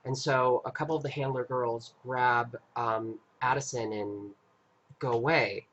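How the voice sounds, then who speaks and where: On his live stream, a man tells a story casually and earnestly in a bright, forceful, mid-range voice with fairly even intonation. He recounts it haltingly, often stopping to restart his sentences. The sound is lo-fi.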